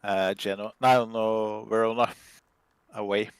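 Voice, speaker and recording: A man's voice: on the low side, flat delivery, unhurried, smooth, dry recording. A man co-playing a football management game, giving short, laid-back replies. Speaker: co-player. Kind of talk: casual gaming chat.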